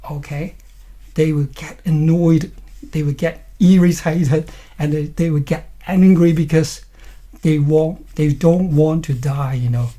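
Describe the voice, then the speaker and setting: Male English tutor, unhurried and husky, demonstrates intonation on example phrases, keeps checking in with "okay". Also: a little high, fairly even intonation, dark tone. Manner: explanatory, peppered with "you know" and "okay". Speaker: English teacher. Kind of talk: online English lesson.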